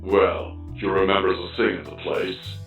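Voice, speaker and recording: A wry, matter-of-fact male voice crackling through a battered flying robot, put on by a man. The sound is low, staticky and dull as if from a cheap speaker in a roomy space. Plucked guitar music plays clearly behind. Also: little pitch movement, unhurried, a bit bright, full character voice. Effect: mechanical, staticky speaker.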